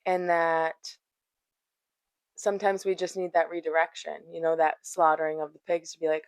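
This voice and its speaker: A woman's voice: low-pitched, level tone, moderate pace, no room sound. A woman hosting a yoga talk, chatty and loose, cursing and laughing as she tells a story. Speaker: yoga teacher and podcast host. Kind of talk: casual spiritual talk.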